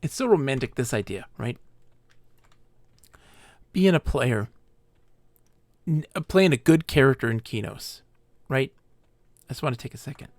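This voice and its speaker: Game streamer, male, slow-talking and excitable, dry close sound, keyboard clicks behind. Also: medium pitch, no room sound. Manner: enthusiastic, rambling, laughs often. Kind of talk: live game stream commentary.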